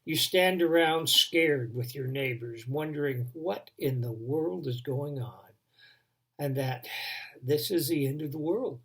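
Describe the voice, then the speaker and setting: A man telling a dramatic devotional story, building tension and then dropping to a hush. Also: a little high, measured pace, breathy edge. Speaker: devotion speaker.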